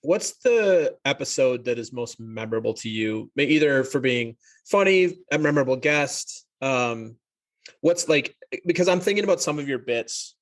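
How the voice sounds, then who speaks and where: A man's voice: mid-range voice, lively intonation, normal speed. A man hosting a podcast interview, asking rambling questions in a chatty, laughing way. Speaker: podcast host. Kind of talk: casual interview chat.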